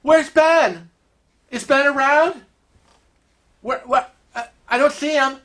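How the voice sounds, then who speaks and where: A man voicing an excited male fan who repeats himself in a raised, eager voice. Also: extremely high pitch, slow pace, voice pushed up, exaggerated voice. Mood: starstruck.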